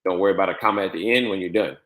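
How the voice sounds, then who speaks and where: A man with a fairly low voice walks through a software setup. He repeats key steps and spells out letters one by one. His voice echoes around the room. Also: racing. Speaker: trading software instructor. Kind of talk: screen-share tutorial walkthrough.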